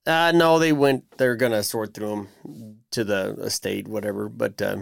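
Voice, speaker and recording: A man's voice: fairly low pitch, fairly even intonation, normal speed, creaky, no room sound, studio quality. A man co-hosting a podcast in casual chat, wry and laid-back, often trailing off. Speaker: podcast co-host.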